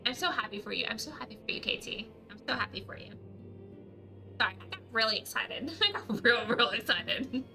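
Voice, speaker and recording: A woman streamer chatting casually and excitably on a livestream, laughing often. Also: fairly high pitch, fairly quick, vocal fry, soft background music, poor audio.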